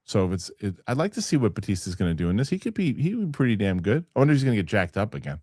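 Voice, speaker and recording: Man, host, low voice, lively swinging pitch, dry close sound, rambling casual chat. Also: racing, no echo. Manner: rambling, animated, swears casually. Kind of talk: casual live-show chat reading viewer comments.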